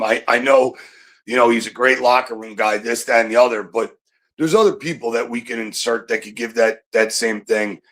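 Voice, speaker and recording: A man's voice: medium pitch, fairly bright tone, poor audio. A man calling in to a sports talk show, talking in a frustrated, rambling way. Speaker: caller.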